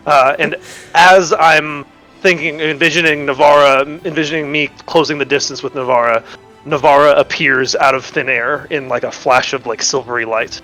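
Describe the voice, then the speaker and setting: A man's voice: a little high, steady tone, moderate pace, pushed and bright, soft background music. Rambling man playing a tabletop game. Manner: rambling, restarts and laughs while narrating his character. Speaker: player.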